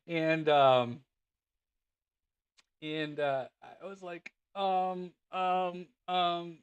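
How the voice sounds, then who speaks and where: A man's voice: high-pitched, flat delivery, drawn-out words, pauses often, clean tone, highs cut off. A man hosting a livestream, rambling casually with lots of fillers and laughter as he tells stories. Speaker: livestream host.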